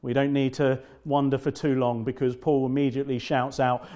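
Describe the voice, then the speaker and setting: A man preaching a sermon as pastor, fervent and emphatic, repeating phrases and slowing down to stress key words. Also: mid-range voice, little pitch movement, warm tone.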